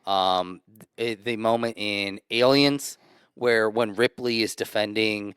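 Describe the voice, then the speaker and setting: Man, podcast co-host, smooth low voice, opinionated casual delivery. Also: steady tone, slow, fairly bright tone, dry recording, clean studio sound. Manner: opinionated, restarts often. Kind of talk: casual review chat.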